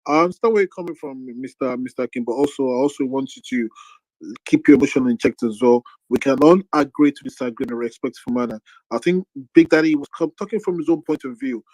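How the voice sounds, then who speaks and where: A man, co-hosting a live audio debate in a calming, conciliatory, rambling way. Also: medium pitch, quick pace, dry recording, rough recording.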